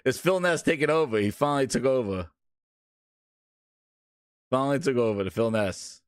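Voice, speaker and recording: A man's voice: mid-range voice, lively intonation, normal speed, clean tone, dry recording, clean studio sound. Flustered man hosting a gaming stream. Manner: flustered and rambling, laughing at his broken audio. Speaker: show host. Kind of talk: live-stream casual chat. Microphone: streaming microphone.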